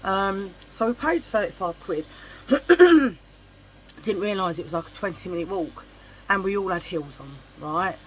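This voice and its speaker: In a roughly recorded casual vlog, a middle-aged woman tells a long story in a mid-range voice at a measured pace. She's animated, chatty and blunt, swears freely, and acts out the voices of people in her tales.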